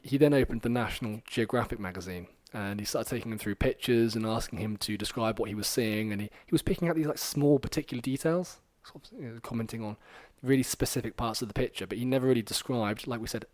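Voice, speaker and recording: A man hosting a podcast, telling a story in a rambling, animated way with lots of fillers. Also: mid-range voice, quick pace, few pauses, no echo. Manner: rambling and animated, many fillers, acts out quoted lines. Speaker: podcast host.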